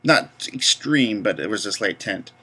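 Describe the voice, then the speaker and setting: A man's voice: lowish voice, expressive, unhurried, pushed and bright, slightly rough. A young man from Georgia with a Southern accent, casually rambling through a vlog and reading a word list aloud. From Georgia, USA. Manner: rambling, easygoing. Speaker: vlogger.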